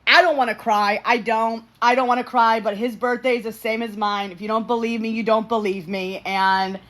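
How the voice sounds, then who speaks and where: A woman's voice: fairly high pitch, steady tone, moderate pace, fairly bright tone. A young woman from Illinois chatting casually on a livestream and telling a rambling story to her viewers, full of fillers and restarts.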